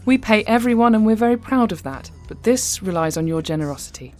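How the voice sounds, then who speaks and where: A woman's voice: mid-range voice, expressive, a little fast, dark tone, faint music behind. An English woman hosting a horror podcast, giving wry, conversational commentary with light humour. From England. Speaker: podcast host. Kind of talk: reflective commentary after a story.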